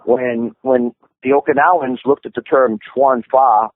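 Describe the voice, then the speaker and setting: A man's voice: medium pitch, fairly even intonation, normal speed, no room sound. Man explaining over a tinny phone line. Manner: rambling with many restarts and fillers. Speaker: martial arts instructor guest. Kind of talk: explanatory interview talk.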